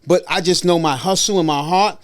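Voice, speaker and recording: A middle-aged man hosting a podcast, telling stories in a casual, animated way and acting out the voices of people he quotes. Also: sits high, fairly quick, dry recording. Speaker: podcast host. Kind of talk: casual storytelling conversation.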